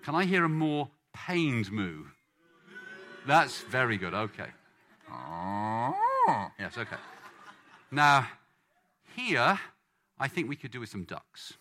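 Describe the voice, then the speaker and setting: Lively preacher, bright voice. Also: male voice, medium pitch, takes it slowly, long pauses, a little hiss or hum. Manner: lively, playful, coaxing the crowd. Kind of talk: sermon with congregation participation.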